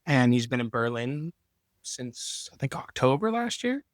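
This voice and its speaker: A man, chatting as a podcast guest in a relaxed, rambling way and sometimes losing his words. Recorded at a backpackers hostel. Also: medium pitch, measured pace, no echo, clean studio sound. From Canada. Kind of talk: casual conversation.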